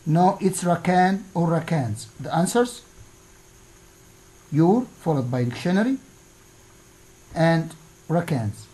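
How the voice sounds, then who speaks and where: A woman teaching an English lesson, reading out exercise answers one by one with pauses. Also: fairly low pitch, animated, dark tone, rough recording. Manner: slow, deliberate, pausing after each answer.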